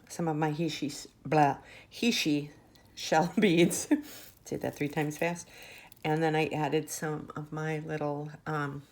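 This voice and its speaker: A woman's voice: deep voice, darkish tone. A woman showing off her handmade jewelry in a casual vlog, chatty and gushing, with fillers and restarts. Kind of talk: casual show-and-tell vlog. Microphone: camera mic on a tabletop.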